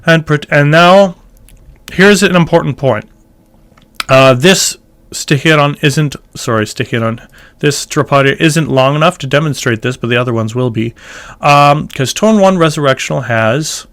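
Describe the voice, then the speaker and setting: A man's voice: on the high side, normal speed, fairly bright tone. A man teaching church chant tones in a casual way, explaining notation and breaking into short sung phrases. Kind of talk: casual instructional talk with sung examples.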